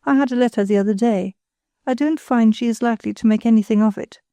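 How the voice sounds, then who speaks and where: A woman's voice: on the high side, fast, dark tone, dry recording, lightly acted. A woman reading the part of an affected young woman with an artificially sweet, sentimental manner. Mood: sharp.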